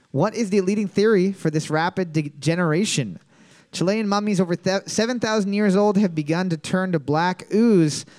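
A woman runs a casual trivia night, reading every question twice. Her voice is lively and bouncy, and she throws crude, teasing jokes at her co-host. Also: medium pitch.

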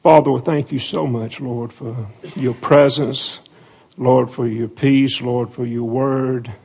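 Man, preacher, earnest pleading sermon, gravelly voice, husky tone. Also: medium pitch, steady tone. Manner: earnest, pleading, drops to soft slow prayer. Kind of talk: sermon altar call and prayer.

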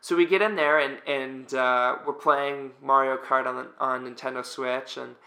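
A man's voice: medium pitch, steady tone, normal speed, pushed and bright. A young man, a volleyball player, casually telling stories with rambling fillers and restarts. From Canada. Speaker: guest, pro volleyball player. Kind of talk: casual storytelling. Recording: roomy echo.

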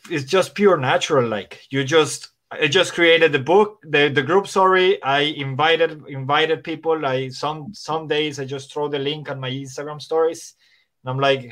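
A man's voice: fairly high pitch, steady tone, unhurried, a bit bright. A man co-hosting a casual podcast chat as an English teacher, talking with frequent restarts and repeated words. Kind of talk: casual conversation.

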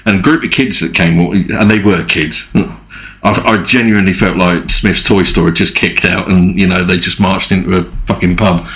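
A man's voice: low voice, steady tone, normal speed, a bit bright. A man co-hosting a podcast, telling anecdotes in casual chat and swearing freely. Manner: swears a lot, tells anecdotes. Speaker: podcast co-host.

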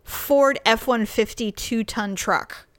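A woman with a somewhat high voice tells a story in relaxed conversation. She is animated and acts out the people she quotes. The sound is close and dry, with almost no room echo. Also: takes it slowly, clean tone. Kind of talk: casual storytelling chat.

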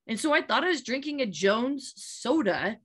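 A woman's voice: a little high, moderate pace, slightly rough. A woman in her late thirties co-hosting a podcast in casual chat, telling stories candidly and animatedly. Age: late 30s. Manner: candid, animated storytelling with laughs and profanity. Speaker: podcast co-host.

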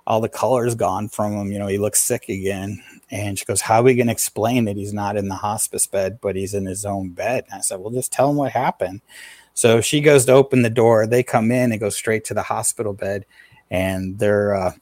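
A middle-aged man telling a personal story in a casual conversation, plain and unhurried, with many fillers and restarts. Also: on the low side, fairly even intonation, a little mellow, no room sound.

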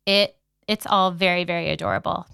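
Young woman cohost, bright clear voice, dry close sound, acts out her reactions as she tells it. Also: fairly low pitch, brisk, no room sound. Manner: animated storyteller, acts out her own reactions. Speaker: podcast co-host. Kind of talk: casual chat.

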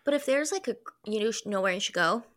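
A woman co-hosting a podcast in casual chat, quick to laugh and chiming in with short jokes and suggestions. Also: medium pitch, expressive, fairly bright tone. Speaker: podcast co-host.

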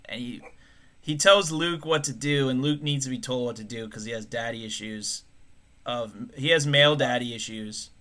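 A man's voice: medium pitch, moderate pace, sharp tone. A man co-hosting a podcast in crude, joking casual chat, often breaking into laughter. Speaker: podcast co-host.

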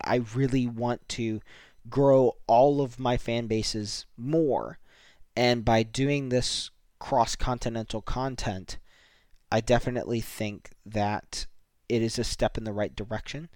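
A young man hosting his own podcast, talking earnestly and haltingly as he signs off the season, a little emotional and grateful. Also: mid-range voice, a little mellow, clean tone, no echo, studio quality. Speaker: podcast host. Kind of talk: solo podcast sign-off.

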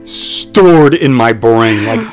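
A young man co-hosting a podcast, telling a long story in a rambling, profane, animated way. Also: mid-range voice, slow, soft background music. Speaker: podcast co-host.

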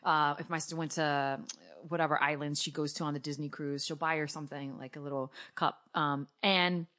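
A woman's voice: deep voice, fairly even intonation, fairly quick, bright, forceful tone. A woman co-hosting a casual talk show, telling a rambling anecdote full of fillers and restarts. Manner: rambling storyteller with many fillers. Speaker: co-host.

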